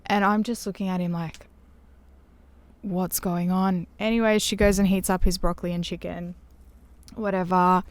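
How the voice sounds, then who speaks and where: Telling a story as a podcast guest, a woman chats casually and acts out what others said in an animated way. Her voice is on the low side, the recording is dry, and she's in a caravan music studio.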